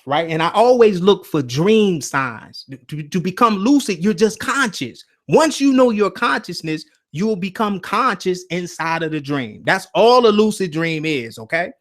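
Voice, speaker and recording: A man hosting a casual spiritual talk, telling stories in an animated way and often checking in with "right?" and "you see?". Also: high-pitched. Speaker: host.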